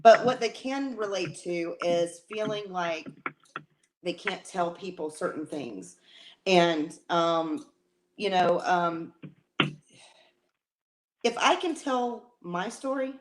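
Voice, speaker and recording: A woman's voice: on the low side, expressive, slow pace, long pauses, background noise. A woman co-hosting a casual live-stream chat from home, talking in an emotional, rambling way with many restarts. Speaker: co-host.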